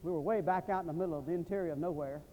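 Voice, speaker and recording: An American man preaching at a seminary chapel, telling a mission story and praying with emphatic swings from loud to hushed. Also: on the high side, racing, lo-fi sound. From United States. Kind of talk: sermon with storytelling and prayer. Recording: long reverb of a large hall.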